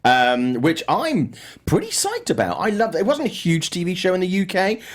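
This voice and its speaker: This man from the United Kingdom speaks at a normal speed in a high-pitched voice while hosting a relaxed panel discussion on film news. His delivery is lively and meandering, packed with filler words.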